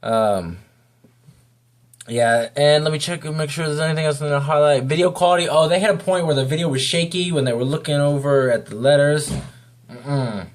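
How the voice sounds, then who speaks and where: A man's voice: on the high side, moderate pace. A man giving a casual, rambling spoken review of a video, talking off the cuff.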